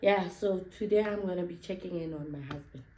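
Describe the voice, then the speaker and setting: A woman's voice: on the low side, fairly quick, darkish tone, faint music behind, rough recording. A woman hosting a casual couple vlog, playful and teasing, sometimes hesitant as she searches for words. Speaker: vlog host.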